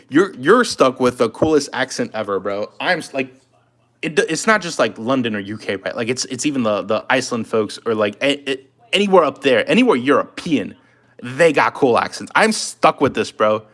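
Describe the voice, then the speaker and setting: A man's voice: mid-range voice, lively intonation, normal speed, fairly bright tone. A man chatting casually on a live stream, loose and talkative, answering comments while he works. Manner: loose and chatty, talking to chat while drawing.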